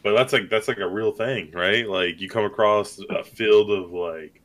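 Male co-host with a lowish voice, wry, casual, swears freely. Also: moderate pace, fairly bright tone. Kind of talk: casual chat.

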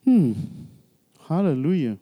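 High-voiced pastor preaching conversationally. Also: male voice, very animated, slow, warm tone. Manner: conversational preaching with many restarts and call-and-response. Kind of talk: sermon. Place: church sanctuary.

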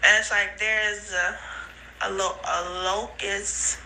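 A woman recording rambling phone voice notes while high, giggly and emotional, her thoughts drifting with frequent laughs and sighs. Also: level tone, takes it slowly, sharp tone, a little hiss or hum, rough recording. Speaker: podcast host sending voice notes. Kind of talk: rambling voice-note monologue. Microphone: phone voice memo.

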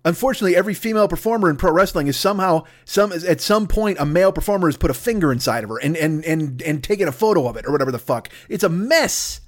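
A man's voice: fairly high pitch, animated, quick pace, few pauses. A man hosting a podcast, delivering a profane, comedic rant monologue. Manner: profane, ranting, swears constantly. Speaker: podcast host.

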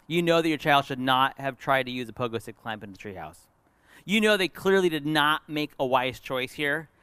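A middle-aged man preaches as a pastor, mixing a personal story into his sermon. His voice sits in a middle pitch and he talks earnestly, rising to lively moments and dropping to hushed ones. The sound is dry and close, with no room echo. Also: smooth.

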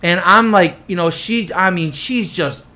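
A man hosting a podcast, telling a profane, animated story and acting out both sides of the conversation. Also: sits high, unhurried. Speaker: podcast host. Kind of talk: casual storytelling chat. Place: echoey tunnel.

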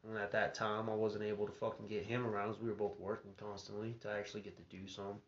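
A man's voice: fairly low pitch, level tone, fast. A young man with a Texan accent telling a long, profane story in casual chat, laughing often and acting out quotes. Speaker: podcast co-host. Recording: echoey room, muffled audio, faint hiss.

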